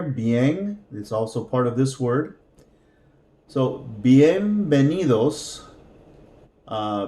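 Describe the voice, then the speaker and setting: Man, language teacher, slow and patient, mellow voice. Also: mid-range voice, echoey room. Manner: slow, patient, repeats words for practice. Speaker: Spanish teacher. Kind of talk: language lesson.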